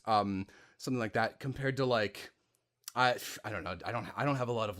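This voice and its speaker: A man hosting a casual chat about voice acting, animated and breaking into demo voices, his voice tired after a long day. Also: mid-range voice, moderate pace. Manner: animated, demonstrates voices mid-sentence. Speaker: podcast host.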